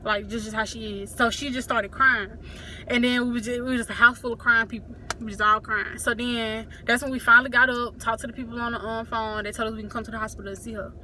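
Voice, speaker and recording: A young woman recounts a family event straight to her audience, acting out the lines of people in the story. Her voice sits a little high and rings very bright and forward. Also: fairly even intonation, quick pace, slight background noise. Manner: talks straight to viewers, acts out quotes. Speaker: vlogger telling a family story. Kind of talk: casual storytime to camera.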